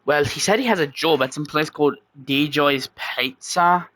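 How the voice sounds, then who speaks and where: A man's voice: a little high, normal speed, a bit bright, natural voice. A man voicing a clueless, upbeat young man who rambles and stammers. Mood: cheerful.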